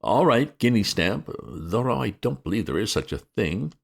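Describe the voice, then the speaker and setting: A man voicing a breezy, flippant young gentleman who chatters excitably. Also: lowish voice, moderate pace, vocal fry, breathy edge, voice pushed up, exaggerated voice.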